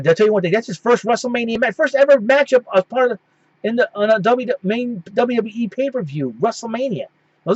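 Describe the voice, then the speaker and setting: A man with a fairly high voice hosts a casual recap, rambling and circling back on himself with constant restarts. The recording is dull and lo-fi, with a dry, close sound. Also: dry recording. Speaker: host.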